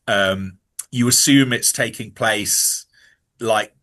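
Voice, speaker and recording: A man talks through a film he loved in a casual podcast chat. His voice sits fairly low but has a bright edge, and he keeps doubling back and restarting his sentences as he works out what he means. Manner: rambling, halting with many restarts. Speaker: podcast co-host.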